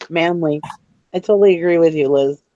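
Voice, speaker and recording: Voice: mid-range voice, moderate pace, warm tone, a little hiss or hum. A co-host in a casual chat who reacts with short remarks and reads viewer comments aloud. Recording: slightly dull lo-fi sound.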